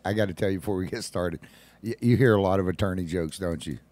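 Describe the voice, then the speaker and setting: Folksy male talk-radio host with a lowish voice, casual and jokey. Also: fast talker, darkish tone. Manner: folksy, laughs at his own jokes.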